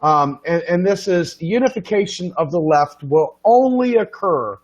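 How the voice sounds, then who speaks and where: A man's voice: sits high, expressive, unhurried. A man hosting a show who rants in an exasperated, incredulous tone about what he hears on television. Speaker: show host. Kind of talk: ranting casual chat. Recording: dull lo-fi sound.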